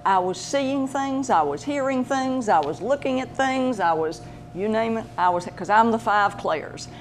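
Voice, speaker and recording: Soft music plays behind this woman's fairly high voice as she talks at a measured pace. A show host and pet medium, she shares a personal anecdote in a relaxed, lively way, performing the voices of whoever she quotes.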